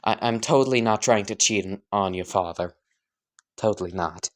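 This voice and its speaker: Flustered, shrill mom, as a male narrator puts her on, rushing to cover herself. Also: lightly acted. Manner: high-pitched, rushed and flustered. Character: flustered scatterbrained mother.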